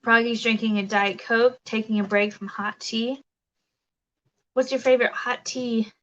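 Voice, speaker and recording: A woman's voice: a little high, steady tone, a little slow, fairly bright tone, highs cut off. A woman hosting a casual crafting livestream, chatting and reading viewer comments, rambling with many fillers and restarts.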